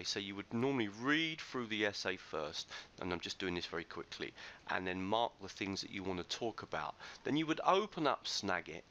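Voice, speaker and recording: A man's voice: on the low side, pushed and bright, slight background noise. A man giving a chatty, enthusiastic screencast tutorial as a teacher trainer, recorded on a computer microphone. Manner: chatty, enthusiastic explaining with loose restarts.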